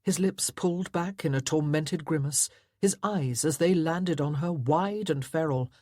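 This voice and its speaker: A woman's voice: low-pitched, a little slow, darkish tone, dry recording, studio quality. A woman narrating a historical romance audiobook in a dramatic, tense storytelling manner. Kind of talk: scripted narration.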